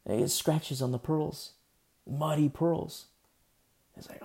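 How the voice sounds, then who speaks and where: A man preaching in a loose, conversational way, often circling back and restarting his sentences. His voice is gravelly with a dark, mellow tone. He sounds like a pastor talking to his congregation. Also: a little high, moderate pace. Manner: casual, rambling, many fillers and restarts. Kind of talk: conversational sermon.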